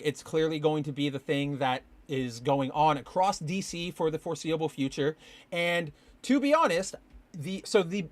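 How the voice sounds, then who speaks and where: A man with a fairly high voice hosting a casual podcast, rambling and animated, swearing when excited. The sound is dry and close. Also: dry recording. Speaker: podcast host. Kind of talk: casual comic book commentary. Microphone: live stream with chat.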